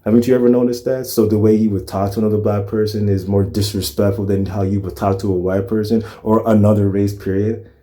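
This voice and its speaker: A man's voice: fairly low pitch, little pitch movement, brisk, dark tone. A man reacting to a clip with casual commentary, earnest and lecturing, often asking rhetorical questions.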